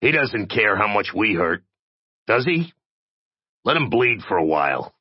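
Man voicing a hostile hulking oddity, rumbling, snarling, higher than his own voice. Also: very animated, measured pace, slightly rough, no room sound, lo-fi sound, heavily acted. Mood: resentful.

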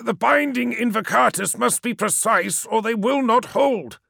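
A man puts on a cold, scheming sorcerer warrior who snaps back in a raised, strained voice. His tone is pitched well above the narrator's own and sounds gravelly. It is recorded dry and close for an audiobook. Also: a little slow, dry recording, full character voice. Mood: cutting. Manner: sharp, snapping retorts.

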